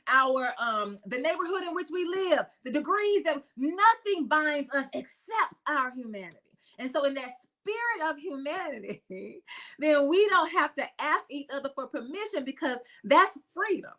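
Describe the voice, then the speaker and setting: A reverend from the United States hosting a spiritual talk show, speaking emphatically in repeated lists and laughing often. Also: female voice, sits high, animated, normal speed, pushed and bright. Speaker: reverend and podcast host.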